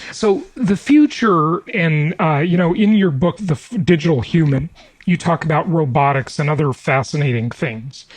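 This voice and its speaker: A man's voice: fairly high pitch, normal speed, dry recording, rough recording. A man hosting a podcast interview, asking chatty questions and laughing easily. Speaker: podcast host.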